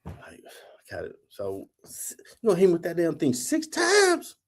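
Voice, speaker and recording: A man's voice: high voice, huge pitch swings, normal speed, vocal fry. A man in his forties, the host, telling a story casually and profanely, acting out quotes in a raised voice.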